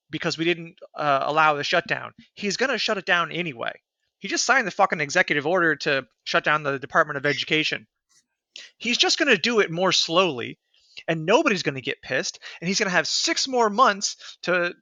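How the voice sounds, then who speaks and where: A man's voice: on the high side, sharp tone, dry recording. A man co-hosting a casual political podcast, arguing heatedly and emphatically and swearing freely. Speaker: podcast co-host.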